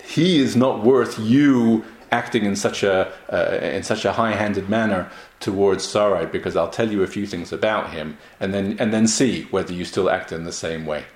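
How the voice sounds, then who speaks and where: A man's voice: on the low side, normal speed, reverberant. A man giving a recorded Torah class, explaining verses with rhetorical questions and frequent restarts. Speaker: Torah teacher.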